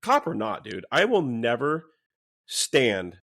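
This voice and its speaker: A man's voice: mid-range voice, takes it slowly. A man, a former police officer, telling a story in a casual podcast interview, swearing freely and acting out what people said. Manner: animated, swears freely, acts out quoted lines.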